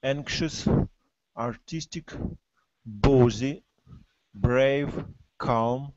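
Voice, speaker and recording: A male English student with a non-native accent, reading and speaking slowly and carefully. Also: medium pitch, a little mellow, dry recording. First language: not English. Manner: slow, careful, halting reading. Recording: dull lo-fi classroom recording.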